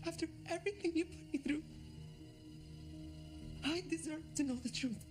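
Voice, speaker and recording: An actress playing a maid in a TV drama, intense and probing. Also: female voice, very high-pitched, moderate pace, music in the background.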